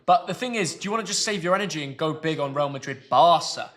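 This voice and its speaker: A man's voice: fairly high pitch, expressive, fast talker, fairly bright tone. A young man, co-hosting a live football watchalong with playful, chatty banter. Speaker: co-host.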